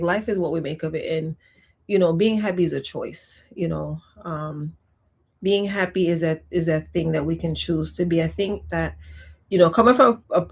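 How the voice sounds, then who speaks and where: A woman in her thirties chatting to camera in a casual, reflective way, laughing often and using many fillers. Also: fairly low pitch. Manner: talks while eating and sipping. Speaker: vlogger.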